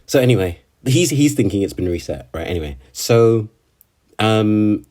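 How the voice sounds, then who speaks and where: A man's voice: on the low side, expressive, normal speed, a little mellow. A man casually recapping an anime episode, rambling with lots of fillers and tag questions. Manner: rambling, full of fillers and "right?". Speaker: anime video creator.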